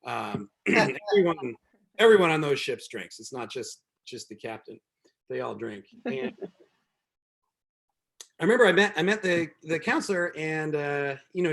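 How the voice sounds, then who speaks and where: A man hosts a comedy show from home over a video call. His stand-up is wry and rambling, full of ums and restarts. His voice sits somewhat high for a man. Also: expressive, unhurried, a bit bright.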